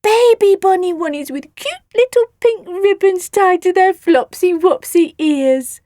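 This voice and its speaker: A woman's voice: very high voice, measured pace, warm tone, no echo, clean studio sound, voice pushed up. A woman voicing a cheerful young girl who coos and gushes in baby talk. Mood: cooing. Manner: cooing, gushing baby talk. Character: cheerful young girl monster-sitter, gushing.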